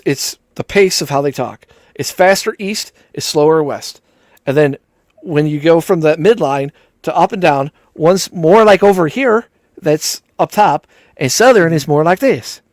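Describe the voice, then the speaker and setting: Lively high-voiced man rambling profanely. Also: unhurried, dry recording. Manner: rambling, profane, laughs a lot, mimics accents. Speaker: co-host of a live show. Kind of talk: casual banter on a live stream.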